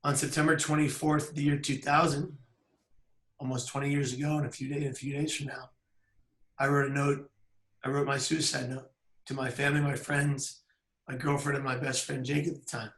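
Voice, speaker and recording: A man in his thirties telling a personal story on camera in an earnest, measured way with pauses. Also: medium pitch, little pitch movement, fairly bright tone, echoey room. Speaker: public speaker. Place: outdoors by a bridge.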